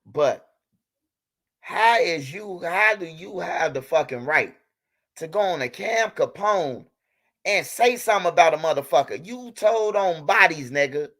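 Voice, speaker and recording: High-voiced man ranting heatedly. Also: lively intonation, a little slow, a bit bright. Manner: angry, profane, repetitive, talking straight at a rival. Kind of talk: heated direct-to-camera rant.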